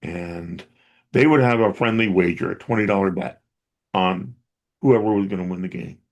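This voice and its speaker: A middle-aged man who helps dementia caregivers appears as an interview guest, earnestly and reflectively sharing stories about his family. He speaks in a low voice at a normal pace.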